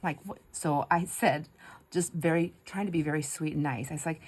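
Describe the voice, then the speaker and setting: A middle-aged American craft vlogger chats casually as she crafts, telling stories with frequent laughter and asides to her viewers. Her voice sits low, slightly mellow, and brisk.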